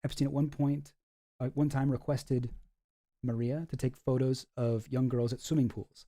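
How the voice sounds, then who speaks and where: A man's voice: medium pitch, fairly even intonation, normal speed, mellow. A man giving casual, rambling commentary with lots of fillers, reading documents aloud as he goes.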